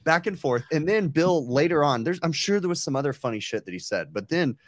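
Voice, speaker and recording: Animated, profane male storyteller. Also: a little high, brisk, no room sound. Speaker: podcast co-host. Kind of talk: casual storytelling chat.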